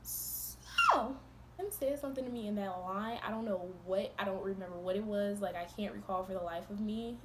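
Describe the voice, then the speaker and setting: A young woman in a storytime vlog, retelling events in an animated, profane, exasperated way, breaking into laughs. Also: mid-range voice, normal speed, background noise. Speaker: vlogger.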